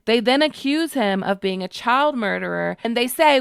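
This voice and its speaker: A woman giving a casual, expressive recap of a TV episode, slangy and emotionally invested. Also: fairly high pitch, normal speed, gravelly, smooth, no echo, studio quality. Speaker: TV show reviewer.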